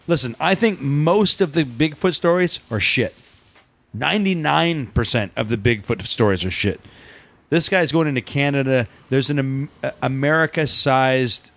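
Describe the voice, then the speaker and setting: Excitable man, swearing and rambling. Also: mid-range voice. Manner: enthusiastic, profane, rambling storyteller. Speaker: co-host. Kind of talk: casual podcast chat.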